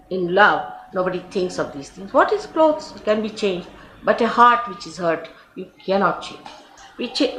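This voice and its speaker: A woman's voice: mid-range voice, fairly bright tone. A woman with an Indian English accent giving an informal spiritual talk, telling stories with chatty asides and laughter. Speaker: spiritual teacher. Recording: roomy archive recording with faint hiss.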